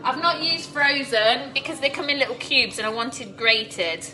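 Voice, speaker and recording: A woman's voice: sits high, moderate pace, sharp tone, far from the mic, a little hiss or hum. A woman chatting to live viewers while cooking at home, laughing often. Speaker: cooking vlogger. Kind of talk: live-stream cooking chat. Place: home kitchen. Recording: echoey kitchen, clattering pots.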